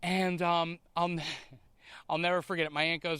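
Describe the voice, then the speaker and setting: A man hosting a podcast, telling a story in a casual, animated way, tripping over and repeating his words. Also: on the high side, normal speed, smooth, no room sound. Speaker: podcast host.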